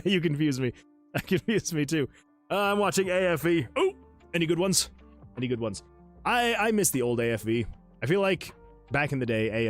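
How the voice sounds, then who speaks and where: A man hosting a casual livestream, chatting excitedly with viewers, laughing often and reading chat messages aloud. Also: mid-range voice. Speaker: livestream host and game developer.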